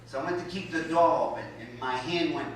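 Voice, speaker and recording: Profane stand-up comic in an echoey hall. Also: male voice, a little high, a little fast, slight background noise. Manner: profane, blunt, self-mocking storytelling. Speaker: stand-up comedian. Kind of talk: stand-up comedy set. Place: large college hall with a live audience. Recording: echoey hall, mic heard from a distance.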